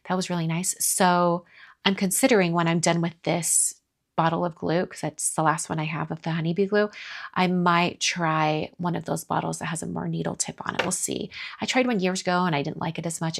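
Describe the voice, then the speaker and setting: Reading out viewer comments and answering them, this middle-aged woman from the American South keeps things casual on her card-making live stream. She speaks with a fairly low, creaky voice.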